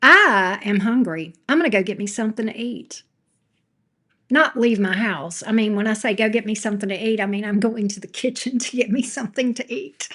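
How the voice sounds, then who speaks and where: A woman tarot reader chats casually with her viewers from home on a livestream. Her medium-pitched voice is fairly quick and a bit bright, and she slips into baby talk with her pet.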